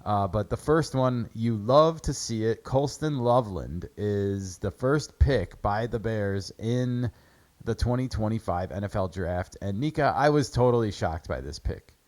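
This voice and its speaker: A man's voice: on the low side, unhurried, darkish tone. A man hosting a casual sports show, breaking down football draft picks in a chatty way with lots of fillers. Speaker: sports podcast host.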